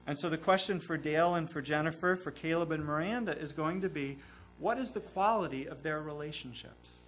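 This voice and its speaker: A man preaching with a high, bright voice that carries clearly. He sounds earnest and emphatic, stacking repeated phrases to drive each point home in a sermon. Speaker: pastor.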